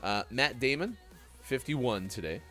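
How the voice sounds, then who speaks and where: A male morning show host with a lively, swooping voice that rises and falls freely. He talks casually and jokes as he goes, with faint music playing under him. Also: mid-range voice, unhurried. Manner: lively, joking, rambling delivery. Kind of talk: casual live-stream radio chat.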